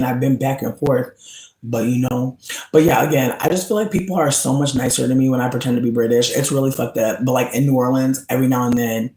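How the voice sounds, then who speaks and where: A man's voice: mid-range voice, fairly quick, a little mellow. Rambling, profane man in an echoey room. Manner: rambling, profane, full of "like" fillers; laughs often while talking. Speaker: streamer chatting with viewers. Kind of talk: casual livestream chat. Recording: roomy echo.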